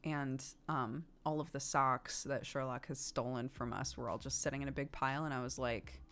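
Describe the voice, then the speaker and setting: A woman's voice: a bass voice, fairly even intonation, moderate pace, a bit bright. A woman in her thirties, streaming and chatting casually while gaming, telling stories and laughing often.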